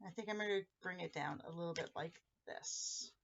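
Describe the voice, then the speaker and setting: A woman's voice: fairly low pitch, normal speed, vocal fry, highs cut off, slight background noise. A woman hosting a casual crafting tutorial, chatting as she walks viewers through each step of a handmade card.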